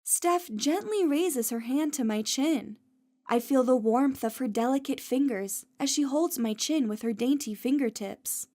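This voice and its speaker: A woman's voice: high voice, a little slow, warm tone. A woman narrating a first-person audiobook story in a light storytelling manner.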